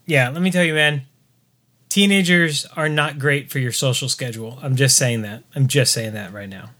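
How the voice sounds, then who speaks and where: A man's voice: medium pitch, normal speed, pushed and bright. A man hosting a podcast in casual chat, joking and laughing at himself. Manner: joking, self-deprecating, laughs often. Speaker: podcast host.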